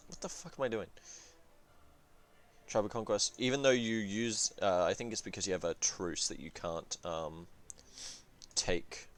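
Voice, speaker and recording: Man, game reviewer, casual commentary, swears a lot, lots of fillers, low pitch. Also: measured pace, long pauses. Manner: rambling, profane, full of fillers and self-corrections.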